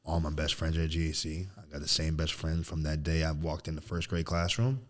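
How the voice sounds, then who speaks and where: A man in his thirties, a podcast guest, telling a story in casual chat, animated and throwing in "bro" a lot. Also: very deep voice, brisk. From United States. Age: 30s. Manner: animated storyteller, acts out quotes loudly, says "bro" often.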